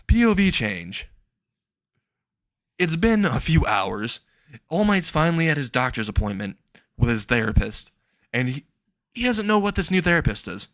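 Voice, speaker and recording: A man's voice: on the high side, sing-song, moderate pace, fairly bright tone, no room sound. A man telling a comedic story casually, crude, rambling and often laughing.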